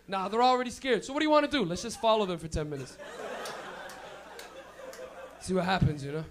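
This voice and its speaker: A young man with a Canadian accent doing a loud, rambling stand-up set in a club, laughing at his own jokes. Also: high voice, lively intonation, a little fast, long pauses, slight background noise. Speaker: stand-up comedian. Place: comedy club, live audience.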